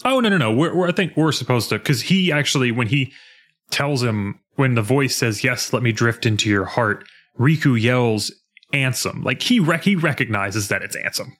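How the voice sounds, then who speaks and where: A man co-hosting a podcast, chatting casually and retelling video game scenes in an animated way, quoting the characters as he goes. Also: mid-range voice, moderate pace. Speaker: podcast co-host.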